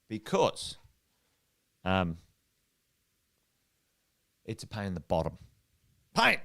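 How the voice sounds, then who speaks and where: A man's voice: low voice, slow, vocal fry, long pauses. A middle-aged Australian man, an investment coach, talking energetically to a livestream audience, repeating points and quizzing viewers. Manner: energetic, repeats himself, asks viewers questions. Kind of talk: whiteboard livestream talk.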